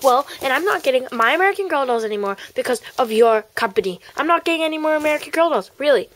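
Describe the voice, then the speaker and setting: A woman's voice: sits high, expressive, quick pace, low-quality recording. A woman voicing a spoiled, bratty popular schoolgirl in an amateur homemade play, snotty and boastful, sometimes hissing in whispers.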